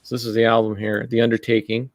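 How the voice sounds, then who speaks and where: A man's voice: mid-range voice, monotone, quick pace, no echo. Modest man with a dry, close sound. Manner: modest, hesitant, lots of "uh". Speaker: music blogger, guest. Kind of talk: casual chat on a live stream.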